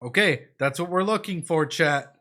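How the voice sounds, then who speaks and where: A man in a casual live-stream reaction, chatting freely and speaking directly to his viewers. His voice sits a little high for a man, and he circles back to the same phrases. The talk is loose and conversational. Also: normal speed, pushed and bright. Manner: chatty, repeats phrases, addresses chat directly; thinks in Spanish at times.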